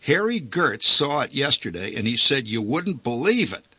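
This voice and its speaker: A man reading a story and voicing an excitable, blustering father who repeats himself. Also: medium pitch, normal speed, husky, no echo, voice pushed up, exaggerated voice. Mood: eager. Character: excitable, pushy small-town father.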